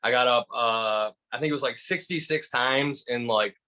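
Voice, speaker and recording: A comedian from Michigan telling stories in a casual chat, rambling with lots of restarts and fillers. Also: male voice, mid-range voice, moderate pace, bright, forceful tone. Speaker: guest comedian.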